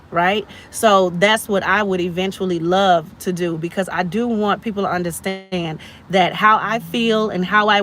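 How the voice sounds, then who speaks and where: A woman's voice: mid-range voice, a bit bright, a little hiss or hum. A woman in her thirties hosting a motivational live stream, preachy and encouraging, repeating phrases for emphasis.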